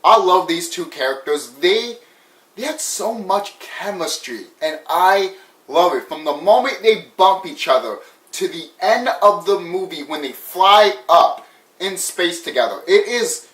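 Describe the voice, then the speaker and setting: A man giving a casual, excitable film review, swearing often and laughing. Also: high-pitched, unhurried. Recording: echoey room, mic at a distance.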